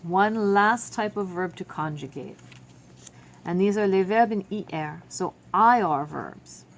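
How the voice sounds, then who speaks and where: In a classroom video lesson, a woman with a mid-range voice teaches students a French verb lesson at a measured pace, patiently explaining every step.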